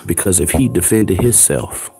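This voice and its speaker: A man's voice: deep voice, lively intonation, normal speed, vocal fry, dark tone, faint music behind. A man hosting his own online show, delivering a confrontational, preachy rant full of taunting rhetorical questions. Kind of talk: ranting commentary.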